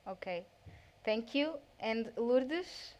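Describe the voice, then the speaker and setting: A woman moderating a panel in a friendly way, calling on guests one by one. Her voice sits slightly high. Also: expressive, very slow, darkish tone.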